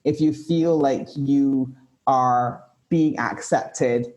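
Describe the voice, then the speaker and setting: A woman with a rumbling low, slightly mellow voice speaks extremely slowly. An author and writing coach, she offers reflective advice as a guest in a casual conversational podcast interview, often saying "like" and "you know".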